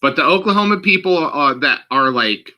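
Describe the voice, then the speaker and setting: A man's voice: a little high, lively intonation, normal speed, sharp tone. A man co-hosting a casual chat, making dry joking asides. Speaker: co-host.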